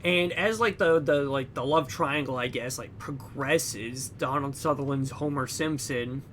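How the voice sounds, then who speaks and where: A young man co-hosting a podcast, casually retelling a movie plot with lots of "like" and "you know", acting out characters in loud, high bursts. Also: measured pace, a little hiss or hum. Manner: heavy use of fillers like "like" and "you know". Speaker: podcast co-host. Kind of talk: casual film recap.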